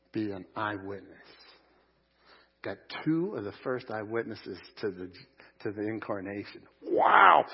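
A man preaching a sermon at a live church service, animated, swinging from loud shouts of joy to quiet asides. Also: mid-range voice, husky, lo-fi sound. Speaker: pastor.

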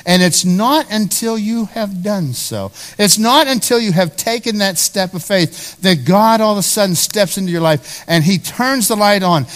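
A male pastor with a high voice preaches a sermon to his congregation. He talks to them directly and conversationally, and he repeats key phrases to drive each point home. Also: fairly bright tone. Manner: emphatic, repeats phrases for stress.

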